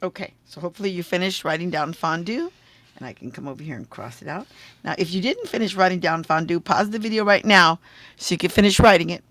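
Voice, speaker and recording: A woman's voice: fairly low pitch, fast, fairly bright tone. A woman teacher giving a phonics lesson on video, patiently sounding out syllables and checking in with the viewer.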